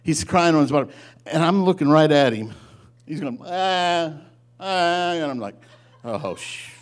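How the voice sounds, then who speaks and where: A man preaching a sermon, telling a folksy story in an animated way and often breaking off to restart his sentences. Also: on the high side, fairly quick. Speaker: pastor.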